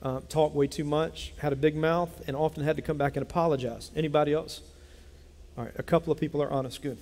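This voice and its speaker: A man preaching a sermon as pastor, telling a Bible story in an animated way and acting out its characters. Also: a little high, fast. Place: church sanctuary. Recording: long hall reverb.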